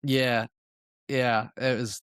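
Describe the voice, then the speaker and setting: A man's voice: mid-range voice, level tone, extremely slow, a bit bright, clean tone, no echo, clean studio sound. Blunt, cussing man with a Southern-sounding drawl. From northwest Ohio. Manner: blunt and profane, with laughing asides. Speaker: podcast co-host. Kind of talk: casual chat.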